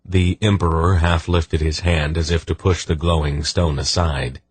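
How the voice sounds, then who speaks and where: A man reading a fantasy novel aloud as an audiobook narrator, measured and gentle. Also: low voice, steady tone, breathy edge, dry recording. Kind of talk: scripted narration.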